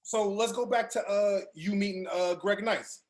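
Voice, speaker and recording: Male interviewer, high voice, hesitant, set back from the mic. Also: measured pace. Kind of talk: casual interview question.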